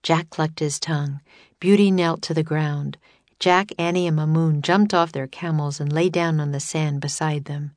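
Woman reading a kids chapter book, lowish voice, super dry close sound. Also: fairly even intonation, normal speed, a little mellow, dry recording. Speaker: audiobook narrator. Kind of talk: scripted storybook narration.

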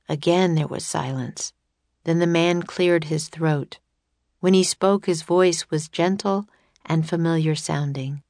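Calm, slow woman reading a storybook. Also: sits low, no echo. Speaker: narrator. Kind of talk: reading a children's chapter book aloud.

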